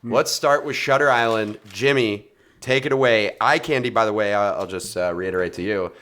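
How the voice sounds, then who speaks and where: A man's voice: lowish voice, moderate pace, a bit bright. Man co-hosting a film podcast. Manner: laughs often, summarizes plots jokingly. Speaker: podcast co-host. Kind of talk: casual chat.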